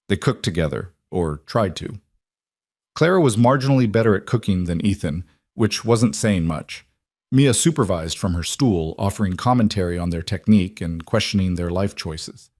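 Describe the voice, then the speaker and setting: A man narrating a scripted romantic story in a calm, even way. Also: on the low side, moderate pace, no room sound, clean studio sound.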